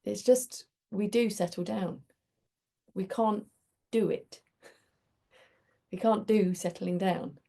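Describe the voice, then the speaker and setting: A woman's voice: medium pitch, fairly even intonation, takes it slowly, gravelly, long pauses, warm tone. A woman hosting a community group, talking in a chatty, reflective way and telling stories with many restarts. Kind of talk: casual reflective talk.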